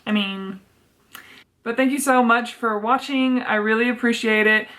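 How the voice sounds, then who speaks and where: A woman's voice: on the high side, steady tone, normal speed, fairly bright tone. A young woman telling a storytime vlog in a chatty, exasperated way, swearing freely. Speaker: vlogger.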